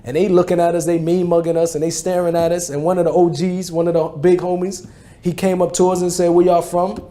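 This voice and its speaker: A man in his forties with a New Jersey accent tells his life story in a casual, repetitive style full of street slang. His voice sits fairly high but has a mellow, dark tone. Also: level tone, fast. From New Jersey, USA. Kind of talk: conversational testimony.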